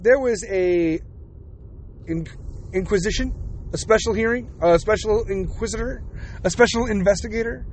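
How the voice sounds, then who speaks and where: Young male podcast host, high voice, sarcastic profane rant, faint hiss behind. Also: normal speed, pauses often. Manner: angry, sweary, sarcastic.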